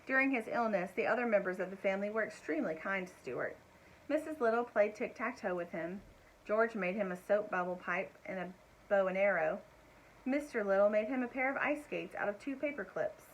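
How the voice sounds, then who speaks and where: Woman reading a kids' chapter book out loud, gentle and expressive, little asides to the listeners. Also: medium pitch, a little fast, slight background noise, rough recording. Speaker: storyteller. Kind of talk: reading a children's book aloud.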